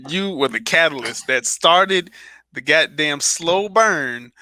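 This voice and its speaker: A man's voice: a little high, animated, takes it slowly, bright, forceful tone, no echo. A man co-hosting a podcast in casual chat, profane and joking, telling stories dramatically. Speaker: podcast co-host.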